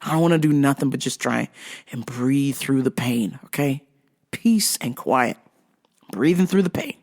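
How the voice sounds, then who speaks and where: A vlogger telling a casual, profane story in an animated way, acting out the people in it. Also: medium pitch. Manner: animated and profane, acts out quotes.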